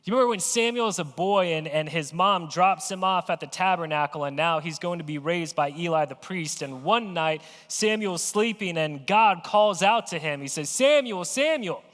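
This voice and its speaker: A man's voice: fairly high pitch, normal speed, few pauses, fairly bright tone, big-room sound. A male pastor preaching a sermon in a conversational storytelling way, playfully acting out everyday phone calls. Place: church sanctuary.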